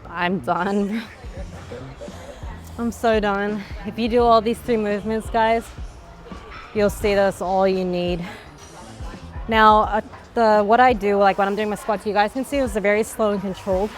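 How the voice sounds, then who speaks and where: A woman's voice: medium pitch, steady tone, moderate pace. Breathless woman coaching a workout. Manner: talkative, with many "like" fillers. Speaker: fitness vlogger. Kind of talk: casual workout instruction. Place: gym. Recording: faint background music.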